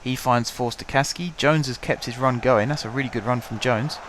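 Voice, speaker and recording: Speaking at a normal speed, a hoarse young gaming channel host offers chatty, wry let's-play commentary on his football management game. His pitch is middling, and a faint noise hums beneath the desk-mic recording.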